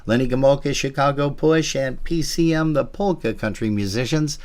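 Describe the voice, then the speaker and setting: A man co-hosting a polka broadcast, chatting casually, joking and reading out shout-outs to listeners. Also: mid-range voice, normal speed. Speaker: co-host of a polka radio show. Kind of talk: casual banter and event announcements.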